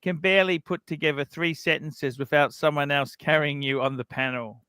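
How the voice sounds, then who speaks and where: A man's voice: a little high, steady tone, moderate pace, pushed and bright, clear, resonant tone, no room sound. A man hosting a casual livestream, animatedly retelling a feud. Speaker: livestream host.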